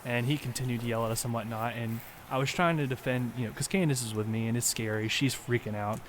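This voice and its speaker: A man's voice: medium pitch, fairly even intonation, quick pace, slight background noise. A young man co-hosting a podcast, telling a story in an earnest, rambling way with plenty of ums. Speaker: podcast co-host. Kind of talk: casual storytelling.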